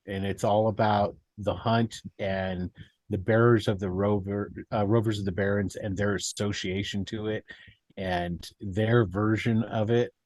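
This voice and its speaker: A man co-hosting a casual chat about tabletop games, who builds a scene step by step with dramatic pauses. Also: fairly low pitch, fairly even intonation, a little mellow, no echo. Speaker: podcast co-host.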